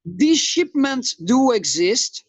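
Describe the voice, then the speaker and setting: Brazilian-accented man, husky muffled call. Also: extremely high pitch, sing-song, no echo. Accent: Brazilian Portuguese. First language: Portuguese. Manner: halting, searching for words. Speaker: blacksmith guest. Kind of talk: casual video call chat.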